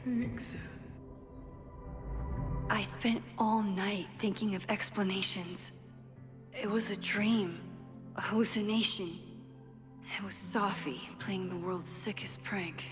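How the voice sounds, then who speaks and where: An actress voicing a thoughtful, hesitant young woman in a video game, speaking her inner thoughts softly, heard as game audio with music. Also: medium pitch, fairly even intonation, takes it slowly, long pauses, big-room sound, natural voice. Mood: reflective. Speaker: game protagonist.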